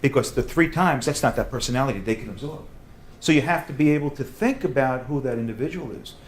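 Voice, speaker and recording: Brisk New York sales trainer. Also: male voice, mid-range voice, a little hiss or hum. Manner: fast, loud, animated, jokey. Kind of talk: classroom sales seminar talk.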